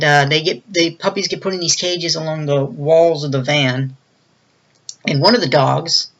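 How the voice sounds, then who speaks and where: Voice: medium pitch, bright, forceful tone, muffled recording. A movie reviewer casually recapping a film's plot in a loose, rambling way, often acting out the characters' lines in a raised voice. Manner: retells scenes, acting out quoted lines in a raised voice; loose and rambling, with many fillers.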